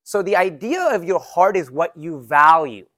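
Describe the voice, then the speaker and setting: A man's voice: fairly high pitch, animated, normal speed, a bit bright. A young adult man preaching a sermon in a conversational way, often asking the congregation rhetorical questions. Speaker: pastor.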